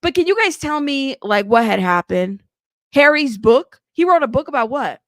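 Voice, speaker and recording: A woman's voice: sits high, big pitch swings, moderate pace, fairly bright tone, no echo, studio quality. A woman hosting a casual livestream, chatting and reading viewer comments in a teasing, rambling way, cussing and laughing often. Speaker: livestream news host.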